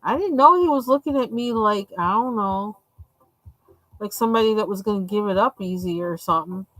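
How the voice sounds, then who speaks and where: A woman's voice: medium pitch, brisk, fairly bright tone, poor audio. A woman from the United States hosting a live coloring stream, chatting casually, laughing often and acting out the lines she quotes. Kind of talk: casual storytelling chat.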